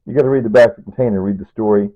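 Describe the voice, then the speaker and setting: A man's voice: lowish voice, fairly even intonation, rapid-fire. A man in his sixties, chatting casually while he cooks a stew, rambling through asides and chuckling at his own jokes. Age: 60s. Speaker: home cooking vlogger. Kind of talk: casual cooking demonstration. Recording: tinny, phone-like sound.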